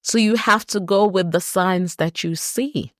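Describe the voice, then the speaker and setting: A woman's voice: medium pitch, measured pace, a bit bright, no room sound, clean studio sound. A woman hosting a solo podcast, talking earnestly and reflectively, building points through emphatic repeated lists. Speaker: podcast host.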